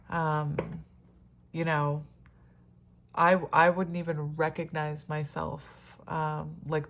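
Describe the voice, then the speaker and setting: A woman in a casual solo tarot reading, chatty and rambling, often laughing and exclaiming at the cards. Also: deep voice. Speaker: tarot reader.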